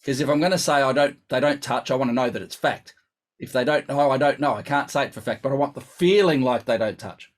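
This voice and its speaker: A man's voice: medium pitch, fast. A man teaching brass in a live online lesson, chatty and instructive, thinking aloud as he explains.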